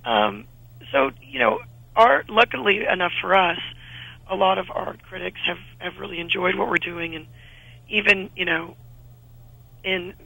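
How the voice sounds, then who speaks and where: Husky, bright-voiced woman actress. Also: on the low side, unhurried, pauses often, no echo, poor audio. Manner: chatty, animated, frequent restarts. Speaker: actress guest. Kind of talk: casual radio interview chat.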